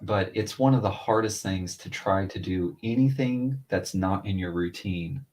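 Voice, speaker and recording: Man in his thirties, fairly low voice, casual chat, rambling storyteller, loose and chatty. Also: a little slow, darkish tone. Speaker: podcast co-host, father.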